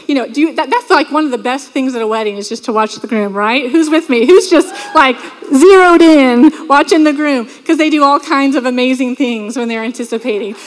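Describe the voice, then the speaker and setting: A woman with a high voice preaches a sermon in a church, speaking fairly quickly with hardly any pauses. She tells lively stories and acts out the voices of the people she quotes, and the hall around her is reverberant.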